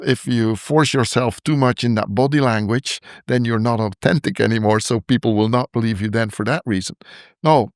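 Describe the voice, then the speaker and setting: A man's voice: mid-range voice, dry recording. Dry-voiced man hosting a podcast. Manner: affirming, often backchannels with yeah. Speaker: podcast host. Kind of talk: podcast interview.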